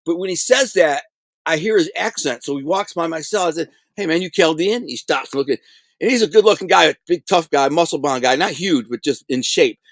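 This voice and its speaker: A middle-aged man telling prison stories in a casual interview, animated and streetwise, full of slang and acted-out quotes. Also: a little high, brisk, no room sound.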